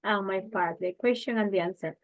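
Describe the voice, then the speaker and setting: A woman's voice: mid-range voice, a little fast, rough recording. A woman teaching English speaking practice, who keeps checking in with "okay?" and reads model sentences aloud for students to repeat.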